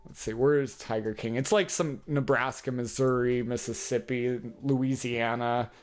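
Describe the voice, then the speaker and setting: A podcast host delivers a casual solo monologue, rambling, swearing heavily, and chuckling often. His voice is mid-range and steady, at a normal pace.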